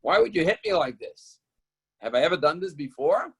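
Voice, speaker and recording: A man's voice: high voice, huge pitch swings, moderate pace, vocal fry, breathy edge, voice pushed up, full character voice. A man voicing a faithful talking male donkey who pleads with its rider in a plaintive, questioning way. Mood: hurt.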